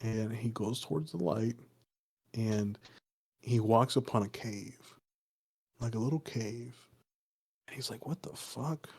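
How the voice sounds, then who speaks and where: A man's voice: mid-range voice, slow pace, vocal fry, pauses often, a little mellow, slightly rough. A man casually telling a folk story on a podcast, swearing often and rambling with lots of fillers. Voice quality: loose, profane, rambling with many fillers. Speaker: podcast co-host.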